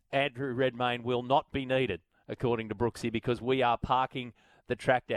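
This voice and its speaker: A man with an Australian accent hosting talkback sports radio, chatty, and animated when he reads out listener messages. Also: medium pitch, no echo.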